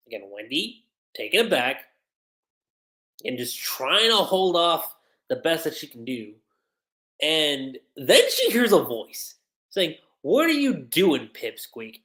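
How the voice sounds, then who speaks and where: Excitable anime reviewer, lively pitch, echoey. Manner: excitable, animated recapping with many fillers. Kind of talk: livestream episode recap and review. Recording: roomy echo.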